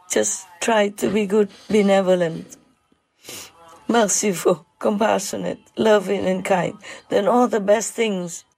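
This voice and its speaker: Woman speaker, unhurried and gravelly, halting and emotional in a spiritual talk. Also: mid-range voice, dark tone, rough recording. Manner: halting, with many fillers and repeats.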